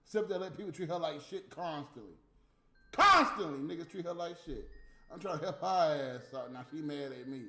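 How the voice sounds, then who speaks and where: A man's voice: fairly high pitch, expressive, moderate pace, bright, forceful tone. A man on a casual, profane rant, heatedly mocking people who are not there while smoking a cigarette. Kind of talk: casual ranting monologue. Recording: echoey room with faint music.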